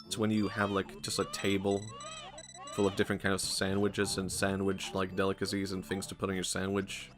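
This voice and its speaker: A man's voice: deep voice, completely flat delivery, brisk, over music. A man from Sweden, streaming a game and chatting in a rambling, jokey way, laughing often. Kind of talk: casual gaming stream commentary.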